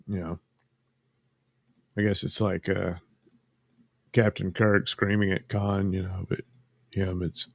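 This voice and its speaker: Slow, gravelly-voiced man rambling sardonically. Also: on the low side, no room sound. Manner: rambling, sardonic, trailing off with fillers. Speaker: host. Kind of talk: casual commentary while coloring drawings.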